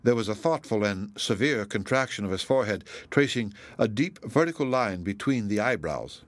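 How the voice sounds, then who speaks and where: A man narrating a classic novel as an audiobook in a measured, even storytelling manner. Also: fairly low pitch, no room sound. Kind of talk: audiobook reading of classic fiction.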